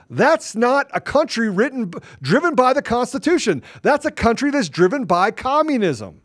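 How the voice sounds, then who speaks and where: A man's voice: extremely high pitch, lively intonation, normal speed, few pauses, no room sound, studio quality. A man hosting a political talk show, delivering fervent, ranting commentary full of rhetorical questions.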